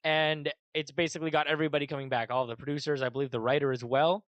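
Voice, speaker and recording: A man's voice: on the high side, little pitch movement, quick pace, fairly bright tone, no echo, highs cut off. A young man co-hosting a casual podcast who laughs a lot, teases his friend and steers the talk back to the news. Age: 20s. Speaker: podcast co-host. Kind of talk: casual chat.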